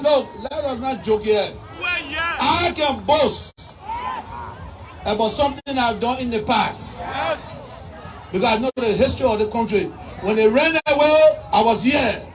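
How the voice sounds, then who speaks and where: A man with a Liberian English accent shouts his way through a rally speech, hammering home repeated rhetorical questions. His voice sits very high for a man. He is picked up from a distance, with a faint crowd and background noise around him. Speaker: politician giving a campaign speech.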